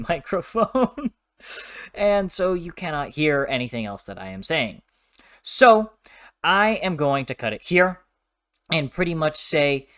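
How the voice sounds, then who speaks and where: A man hosting a casual book vlog, talking in a playful, animated, rambling way, often correcting himself and clearing his throat. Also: a little high. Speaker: book reviewer, channel host.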